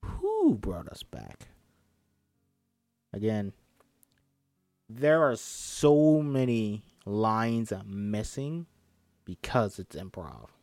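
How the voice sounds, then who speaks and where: A man reads a film script aloud in an unhurried way, with a pitch that rises and falls a lot. He stops often for joking, swearing asides and acts out the lines. The mic is close and dry, and faint music plays behind him. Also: wildly swooping pitch, darkish tone, no echo.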